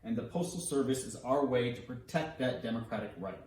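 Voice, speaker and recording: In an echoey room, a man running for Congress reads a scripted policy explainer, speaking a little fast in a medium-pitched, darkish voice. He delivers it with playful wryness and plenty of emphasis.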